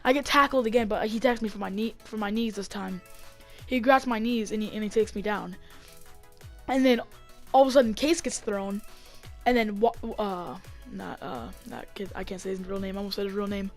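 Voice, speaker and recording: A woman telling a story in a casual vlog, rambling with lots of fillers and getting excited as she acts it out on a desk mic. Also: mid-range voice, a little fast, faint music behind. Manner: rambling, heavy on fillers, gets excited acting out the fight. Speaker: vlogger.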